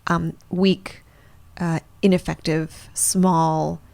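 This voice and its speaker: A psychologist co-hosting a podcast talks in a thoughtful, explanatory way. Her voice sits a little low for a woman. She pauses on fillers as she reasons things out. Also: little pitch movement, vocal fry, darkish tone. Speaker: psychologist co-host. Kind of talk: podcast discussion.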